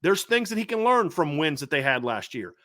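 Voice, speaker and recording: A man's voice: a little high, sing-song, fairly quick, sharp tone. A middle-aged man hosting a sports show, delivering a fired-up, emphatic commentary rant with lots of repetition. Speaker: sports podcast host.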